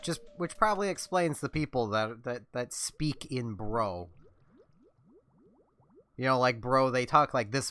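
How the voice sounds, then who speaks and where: A man's voice: medium pitch, a little slow, pauses often, fairly bright tone, faint music behind. Rambling, jokey male game streamer. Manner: rambling, jokey, self-deprecating. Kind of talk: casual gameplay commentary.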